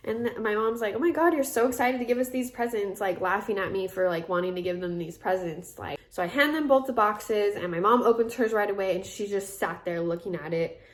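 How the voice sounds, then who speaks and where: A young woman in her twenties tells a personal story in a loose, chatty way. She leans on fillers and keeps slipping into the voices of the people in it. Her pitch sits in a plain middle range. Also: a little fast, hardly any pauses. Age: 20s. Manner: chatty, filler-heavy retelling with many quoted asides. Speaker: vlogger. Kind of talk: casual storytelling.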